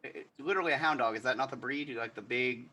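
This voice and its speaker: A man's voice: mid-range voice, fast, over a noisy crowd. A man narrating as game master in a tabletop game, loose and rambling, with lots of fillers.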